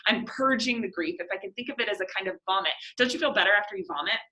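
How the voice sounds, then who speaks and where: Bright-voiced young woman teaching literature. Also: mid-range voice, expressive, very fast, low-quality recording. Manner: chatty, laughs often, frequent fillers. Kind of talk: class discussion lecture.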